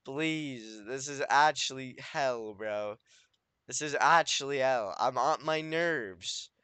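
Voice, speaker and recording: A man's voice: mid-range voice, slow pace, sharp tone, clean tone, dry recording. Young male gaming YouTuber, jittery and foul-mouthed, muttering to himself. Clean, resonant voice, dry close-mic sound. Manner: anxious, swearing, self-talking, desperate pleading. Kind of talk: Minecraft let's play commentary.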